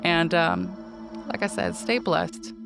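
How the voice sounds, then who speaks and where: This middle-aged woman hosts her own podcast, speaking slowly in a gravelly, low-leaning voice with music playing underneath. Alone at the mic, she chats casually and wanders from point to point with playful self-mockery.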